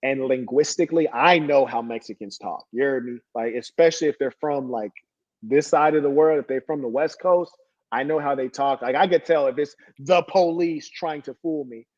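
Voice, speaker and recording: A man's voice: medium pitch, moderate pace, darkish tone, muffled recording. A man telling a story in casual, slangy talk, dropping "fool" and "you know" often.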